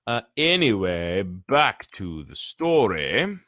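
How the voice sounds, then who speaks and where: A man's voice: low-pitched, no room sound, studio quality. A man reading a book aloud, often stumbling and restarting, with chatty asides. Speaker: reader.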